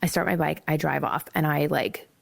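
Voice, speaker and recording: A young woman hosting a podcast, telling a personal story candidly, blunt and expressive, swearing freely and acting out both sides of the dialogue. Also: low-pitched, normal speed, gravelly. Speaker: podcast host.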